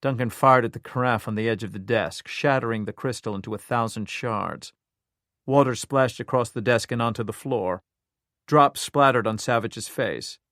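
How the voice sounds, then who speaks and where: A man narrating a crime thriller audiobook in a steady storytelling manner. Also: medium pitch, normal speed, no echo, studio quality. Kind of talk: scripted narration.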